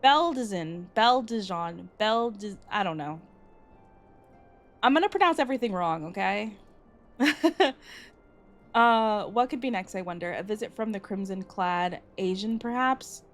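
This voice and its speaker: A woman's voice: medium pitch, lively intonation, measured pace. A woman streaming a game, chatting casually between reading lines, laughing and stumbling over names. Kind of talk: casual gaming commentary.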